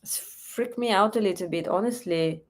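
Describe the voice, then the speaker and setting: A woman's voice: medium pitch, normal speed. A young woman from Russia with a Russian accent, hosting a casual live stream from home, chatting and reading comments with frequent laughs and fillers. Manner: chatty, laughs often, thinks aloud with fillers. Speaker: livestream host. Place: home in Moscow.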